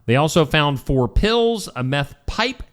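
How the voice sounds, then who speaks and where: A man's voice: fairly high pitch, very animated, fairly bright tone, a little hiss or hum. A man hosting a live morning show, reading offbeat news stories in a casual, wry way. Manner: wry, playful, with quick put-on accents.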